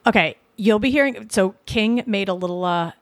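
A woman's voice: medium pitch, normal speed, no room sound, clean studio sound. A woman in her forties from the Boston suburbs, co-hosting a podcast in casual, sarcastic banter that rambles through self-corrections. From Boston suburbs, USA. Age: 40s. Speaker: podcast co-host.

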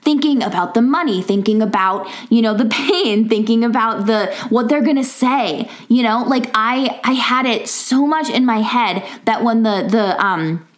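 A woman's voice: a little high, measured pace, few pauses. Chatty woman podcast host, laughing often. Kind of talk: casual pep talk monologue. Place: home in a rural area.

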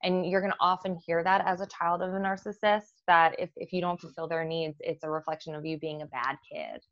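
A woman therapist speaks in a fairly low voice, working through ideas with frequent fillers and restarts. The sound is dry and close, with a slightly muffled, dull quality. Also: steady tone, brisk, no echo. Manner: explanatory, with many fillers and restarts. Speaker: therapist guest. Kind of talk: professional conversation.

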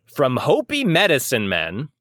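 A man's voice: mid-range voice, wildly swooping pitch, a little slow, a bit bright, no room sound, clean studio sound. A man co-hosting a comedy podcast in casual chat, laughing often and joking as he explains. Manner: laughs often, jokey, puts on voices when reading quotes. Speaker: podcast co-host.

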